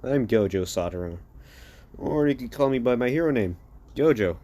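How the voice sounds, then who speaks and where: Man reads a playful, teasing young hero; low-key, dark-toned, casual. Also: animated, moderate pace, close to an everyday voice. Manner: teasing, offhand.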